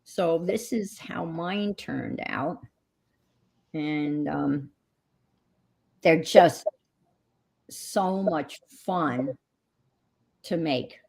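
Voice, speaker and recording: A woman's voice: low-pitched, extremely slow, gravelly, long pauses, darkish tone, breathy edge. A woman hosting a crafting livestream, chatting casually in a rambling way. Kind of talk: casual chat. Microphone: computer mic on a livestream.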